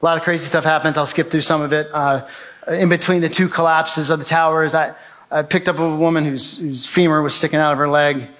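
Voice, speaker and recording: A man giving an earnest spoken testimony to an audience, telling his story and acting out his own shouts. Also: on the high side, fairly even intonation, a little fast.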